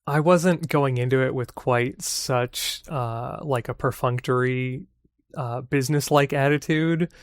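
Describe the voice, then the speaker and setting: A man who is a guest on a podcast, chatting in a relaxed, thoughtful way and laughing easily. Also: medium pitch, measured pace, dry recording, studio quality. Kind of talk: casual chat.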